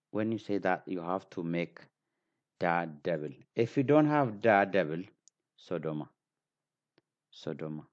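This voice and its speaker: Slow, very deep-voiced man teaching. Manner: patient, repeats example words, frequent fillers. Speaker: language teacher. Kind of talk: slow spoken lesson. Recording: dull lo-fi recording.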